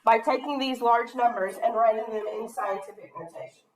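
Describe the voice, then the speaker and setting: A woman's voice: a little high, fairly even intonation, a little fast, background noise. A woman teaching a math lesson to a class. She talks patiently, often stops to ask the class questions, and her throat keeps catching with coughs.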